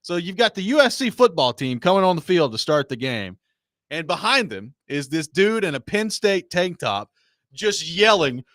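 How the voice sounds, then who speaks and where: A man hosting a sports talk show, telling a story in a casual, animated way with laughing asides. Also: on the high side, moderate pace, dry recording, studio quality. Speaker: sports radio host.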